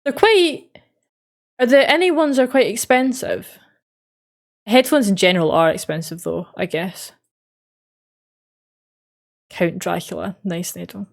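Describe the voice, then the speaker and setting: A woman's voice: medium pitch, a little slow, creaky, long pauses. An Australian woman streamer in casual chat, reading out and answering live chat messages in an easygoing way with frequent laughs.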